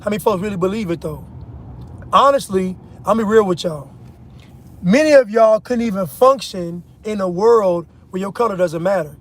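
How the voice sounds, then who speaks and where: A man's voice: sits high, moderate pace. An American man giving an opinion monologue to his viewers from inside a car while driving, emphatic, repeating his points and calling his audience "y'all". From United States. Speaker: vlogger.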